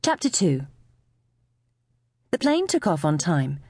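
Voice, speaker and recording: Expressive woman audiobook narrator. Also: deep voice, slow pace, breathy edge, no room sound, clean studio sound. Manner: expressive storytelling. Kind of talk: scripted narration.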